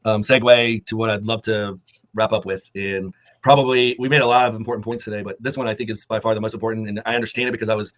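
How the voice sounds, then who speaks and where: A man co-hosting a fitness talk, delivering earnest, measured motivational advice and holding back emotion. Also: on the low side, fairly even intonation. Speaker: co-host of a fitness summit talk.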